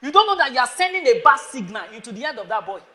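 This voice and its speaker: A Nigerian man preaching to a crowd of students in an echoey hall. His voice sits very high and sharply bright. He scolds his listeners and fires questions at them. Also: very animated, racing. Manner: scolding, rhetorical questions, calling on listeners by name. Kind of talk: sermon.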